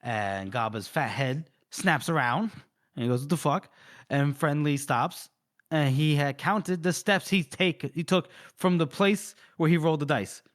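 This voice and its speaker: A man co-hosting a book podcast, retelling a chapter in an animated, casual way with swearing and laughter. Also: a little high, unhurried. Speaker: podcast co-host. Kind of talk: casual book-discussion chat.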